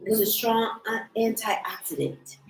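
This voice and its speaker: Give me a high, lively woman co-host chatting casually in an echoey room. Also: unhurried, gravelly, slight background noise. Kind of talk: casual chat.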